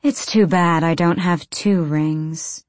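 A woman's voice: fairly low pitch, animated, no echo. A woman voicing a cruel villainous princess who taunts her captives coldly and without hurry. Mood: taunting. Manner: taunting, cold, unhurried.

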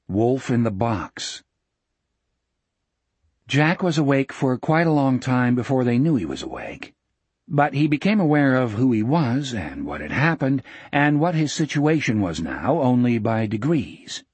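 A man reading a novel aloud as an audiobook narrator, in a measured, even manner. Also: medium pitch, slightly rough, dry recording. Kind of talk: scripted narration.

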